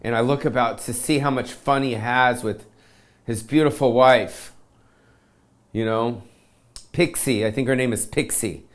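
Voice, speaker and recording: Unhurried and pausing often, a man with a mid-range voice delivers a profane, self-pitying comedic rant to camera, full of surfer-dude slang.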